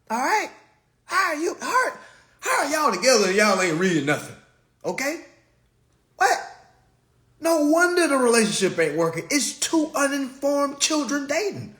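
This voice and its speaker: A man lectures his viewers in a high, restless voice that leaps all over the place. He mocks and preaches by turns, hitting single words with loud jabs. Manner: preachy, mocking, emphatic with sudden loud jabs. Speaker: consumer-credit commentator. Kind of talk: animated monologue to viewers.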